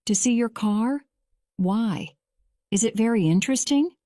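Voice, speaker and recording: A calm, probing male lawyer in a courtroom storybook, read by a woman. The delivery is slow and mellow, recorded dry and close. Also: fairly high pitch, no room sound. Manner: measured, slow graded-reader delivery.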